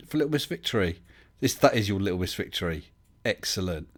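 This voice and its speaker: A man's voice: fairly low pitch, expressive, brisk. A man, hosting a casual live stream and chatting his way through viewer comments with lots of fillers and restarts.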